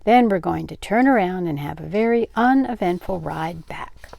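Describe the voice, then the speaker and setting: A woman's voice: fairly low pitch, lively intonation, normal speed, creaky, a little mellow. An older woman reading aloud, voicing an easygoing teenage boy who coaxes and jokes. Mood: coaxing. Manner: persuasive, joking.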